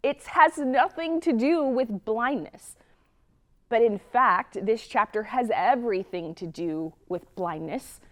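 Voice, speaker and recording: A woman's voice: a little high, slow. A woman preacher giving a sermon, earnest and reflective, often asking the listener rhetorical questions.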